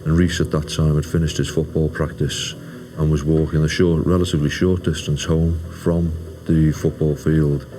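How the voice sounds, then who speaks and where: Very deep, dark-voiced man. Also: moderate pace, soft background music. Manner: calm, factual. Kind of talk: documentary interview.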